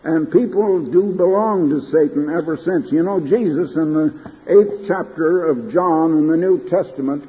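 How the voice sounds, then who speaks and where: A man's voice: fairly high pitch, unhurried, long reverb tail, highs cut off. An older man preaching an emphatic broadcast sermon, his delivery rising to fervent peaks.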